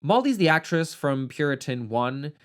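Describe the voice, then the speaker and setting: A man's voice: a little high, sing-song, moderate pace. Sarcastic, swearing male film reviewer. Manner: sarcastic, swears, laughs often. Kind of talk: casual video review.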